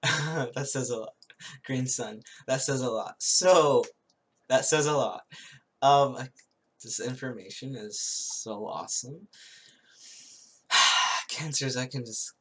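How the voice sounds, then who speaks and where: A man giving a casual spoken tarot reading, rambling and halting, with many restarts and little chuckles as he recounts a show. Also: medium pitch, fairly bright tone. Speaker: tarot reader.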